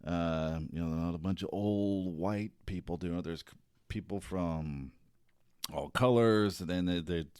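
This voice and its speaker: A man hosting his own show, talking casually in a rambling, halting way with restarts. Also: low-pitched, darkish tone, clean tone, no room sound, clean studio sound. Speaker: podcast host. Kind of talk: casual solo commentary.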